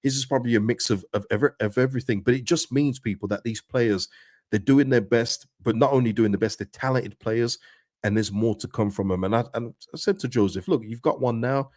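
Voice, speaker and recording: A man's voice: mid-range voice, a little fast, no echo, clean studio sound. Chatty man hosting a fan livestream. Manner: chatty, animated, repeats words and addresses viewers as "people". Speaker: host of a fan livestream reading chat. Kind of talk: casual livestream chat.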